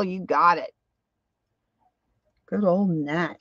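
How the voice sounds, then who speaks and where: Slow-talking woman chatting through a craft demo. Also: low-pitched, animated, warm tone, no echo, highs cut off. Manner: rambling, thinks aloud while working, trails off. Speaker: craft livestream host. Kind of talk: casual crafting tutorial.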